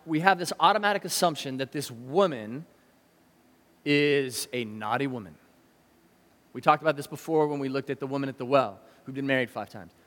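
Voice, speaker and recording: A man with a high voice preaches in a loose, talky way and keeps asking his listeners questions. His words ring out through a large hall with a long reverb trailing behind them. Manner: conversational, animated, asks the audience questions. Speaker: pastor. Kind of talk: sermon.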